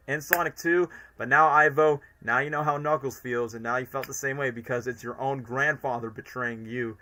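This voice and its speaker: A man's voice: medium pitch, brisk, few pauses, sharp tone. A young man chatting on a live stream, rambling enthusiastically with lots of fillers. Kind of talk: casual live-stream commentary.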